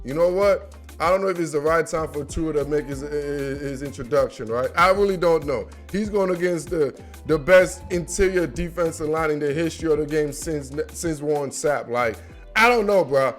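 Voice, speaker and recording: A man with a high voice runs through his weekly game picks in loose, slangy chat. He keeps dropping bro and man as he talks. Faint music sits behind him. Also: moderate pace. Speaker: sports predictions host. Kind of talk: casual monologue.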